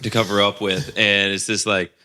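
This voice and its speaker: A man's voice: lowish voice, little pitch movement, normal speed, sharp tone, slight background noise. A young man talking as a guest in an easygoing, wry way. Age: young adult. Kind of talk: casual chat.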